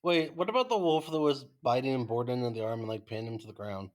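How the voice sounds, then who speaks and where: A man's voice: medium pitch, quick pace. A man playing a tabletop game, chiming in with questions about the rules. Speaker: player. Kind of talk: casual tabletop game chat.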